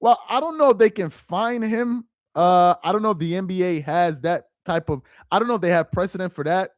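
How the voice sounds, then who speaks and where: High-voiced man riffing casually on a live stream. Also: fairly quick, no echo, studio quality. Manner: loose, slangy, repeats himself for emphasis.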